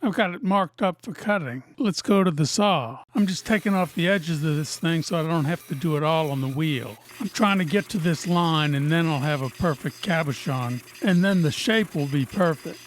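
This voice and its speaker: A woman who cuts and sells opals, narrating her workshop video in a deadpan, teasing way. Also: deep voice, moderate pace, hardly any pauses, a little hiss or hum. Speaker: opal cutter and seller. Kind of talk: narrated lapidary video with jokes.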